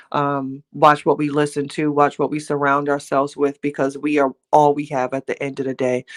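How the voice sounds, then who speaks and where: Chatty laughing older woman livestreaming. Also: sits low. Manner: chatty, laughs often, talks straight to viewers; playful, teasing, self-mocking. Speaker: livestream host. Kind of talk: casual motivational livestream chat.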